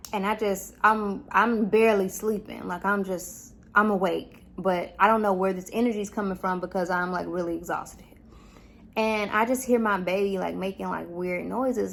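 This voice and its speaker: A woman's voice: medium pitch, a bit bright. A young adult woman vlogging about her experience as a new mom, talking casually and candidly with many fillers. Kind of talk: casual personal storytelling.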